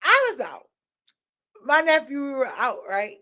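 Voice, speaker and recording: A woman hosting a candid talk show, telling stories in an animated way and often asking listeners "right?". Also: high voice, measured pace. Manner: animated storytelling, frequent rhetorical "right?" and laughter. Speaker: podcast host. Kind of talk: candid opinion talk addressing viewers.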